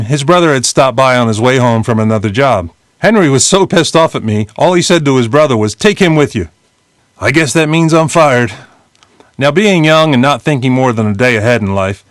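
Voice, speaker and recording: A man's voice: medium pitch, dry recording. Fifties guy from new jersey reading his memoir, bouncy up and down delivery, dry close sound. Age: 50s. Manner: lively, blunt storytelling with casual swearing. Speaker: memoir narrator.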